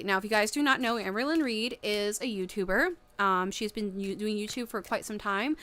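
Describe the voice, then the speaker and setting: A young woman giving tarot readings on a casual livestream, rambling with lots of fillers and breaking into excited laughter now and then. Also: medium pitch.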